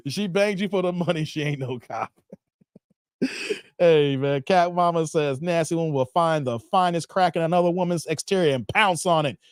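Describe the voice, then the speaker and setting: A man's voice: fairly high pitch, lively intonation, measured pace, smooth, dry recording, clean studio sound. A man hosting a livestream, reading chat comments aloud in casual slangy banter and laughing often.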